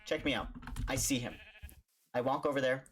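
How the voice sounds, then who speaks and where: Animated young man telling a story. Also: normal speed, over music. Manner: animated, jumps into high voices for other people. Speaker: streamer. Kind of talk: casual storytelling.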